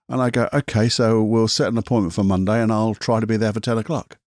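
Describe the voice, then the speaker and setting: A man's voice: on the low side, fast talker, hardly any pauses, a little mellow, no room sound, clean studio sound. A man hosting a podcast as a hypnotherapist, talking in a passionate, casual motivational monologue, swearing now and then and repeating himself.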